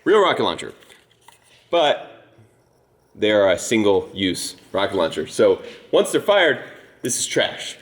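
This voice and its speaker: A man hosting a casual vlog, telling stories in a lively way and acting out the dialogue. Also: lowish voice, unhurried, pauses often, no room sound. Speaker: vlogger host. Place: on a ranch, in and around a barn.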